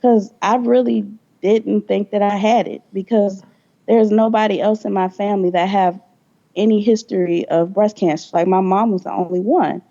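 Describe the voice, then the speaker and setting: A woman's voice: medium pitch, steady tone, moderate pace, mellow, muffled recording. A young adult woman, a podcast guest, telling her story candidly with blunt profanity and acted-out quoted dialogue.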